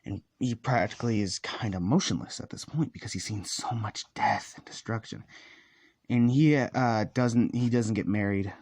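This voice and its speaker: A man's voice: on the low side, normal speed, darkish tone. A man casually retelling a fan story, rambling with lots of "like" and "let's just say," sometimes walking around as he talks.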